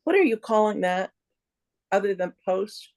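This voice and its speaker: A woman from Ohio asking a question on a group call. She speaks politely and gratefully, with a few hesitations and apologies, at a medium pitch. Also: expressive, normal speed, darkish tone. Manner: polite, appreciative, a little hesitant. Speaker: caller.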